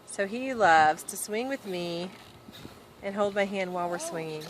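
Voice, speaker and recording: A woman's voice: mid-range voice, expressive, measured pace. A young woman, a mother, narrating a casual family vlog in a chatty, rambling way with fillers. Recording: echoey with faint background noise.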